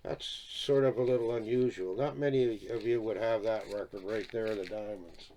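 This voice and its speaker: A man's voice: fairly low pitch, fairly even intonation, normal speed, hardly any pauses, mellow, a little hiss or hum. A man with a rambling, chatty manner, showing off his record collection in a casual video and tagging his sentences with little questions. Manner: rambling, chatty, peppered with "eh?" and "right?", chuckles often. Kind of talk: casual video chat about vinyl records.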